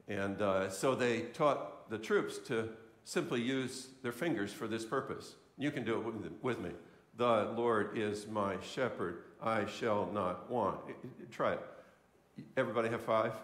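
A male pastor delivers an earnest sermon from the pulpit, doubling back on key phrases to press them home. His mid-pitched voice carries through an echoey church sanctuary. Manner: earnest preaching, repeats key phrases for emphasis.

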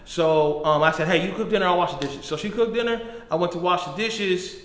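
Slangy high-voiced youth pastor. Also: male voice, fairly quick. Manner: slangy, animated storytelling. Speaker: middle school pastor. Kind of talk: casual youth sermon. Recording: echoey room with long reverb.

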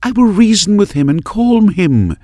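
A woman's voice: big pitch swings, normal speed, warm tone, dry recording, clean studio sound. Man voicing a proud, trembling young woman. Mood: pleading. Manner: high, trembling, pleading then ordering. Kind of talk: audiobook character voice.

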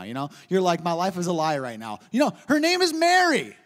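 This pastor, in his thirties, has a very high voice and speaks a little fast. He preaches in an animated, joking way, weaving stories into his teaching, and the hall adds long reverb.

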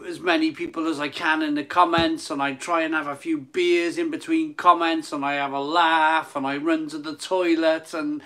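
A man's voice: on the high side, moderate pace, few pauses. A man hosting a casual live stream from his phone, repeating phrases and stumbling over words. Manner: excited hyping, then soft and emotional.

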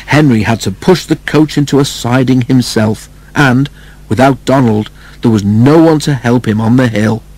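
A man reads a children's storybook aloud in a steady, even manner. His voice is mid-pitched and husky. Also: moderate pace, rough recording. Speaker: narrator.

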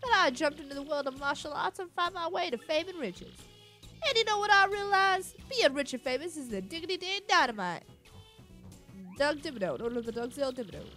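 A folksy, boastful older man who runs a fighting arena, put on by a woman, drawling and calling everyone son. His voice swings loud and lively. Faint game music plays behind. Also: sits high, pitched above the performer's own voice.

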